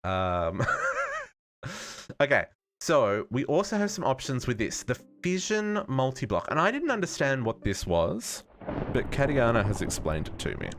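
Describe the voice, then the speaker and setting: A man's voice: medium pitch, wildly swooping pitch, a little slow. A man with an Australian accent streaming a modded game, thinking aloud and correcting himself as he chats with viewers. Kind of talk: casual live-stream gaming chat.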